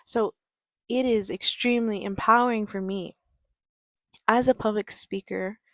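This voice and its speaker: A woman life coach giving a reflective motivational talk in a gentle, calm, quiet and patient way. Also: medium pitch, no echo. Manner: unhurried, patient delivery. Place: outdoors near a creek.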